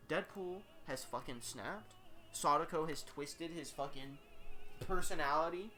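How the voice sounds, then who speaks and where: A man's voice: on the high side, unhurried, pushed and bright, soft background music. A man hosting and casually commentating fights, swearing freely and filling his sentences with "like" and "uh". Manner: casual and profane, with filler words. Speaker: host and commentator. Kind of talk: casual game commentary and story reading.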